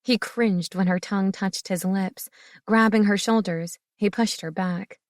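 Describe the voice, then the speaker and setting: A woman reading an audiobook narration in a steady, expressive way. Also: medium pitch, unhurried, no room sound, clean studio sound. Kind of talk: scripted narration.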